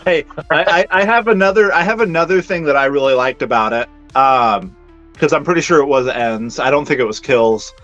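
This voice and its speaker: A man's voice: a little high, fairly quick, fairly bright tone. A man co-hosting a casual movie review podcast, speaking hesitantly and rambling through restarts. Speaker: podcast co-host. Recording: slightly dull lo-fi audio with faint music.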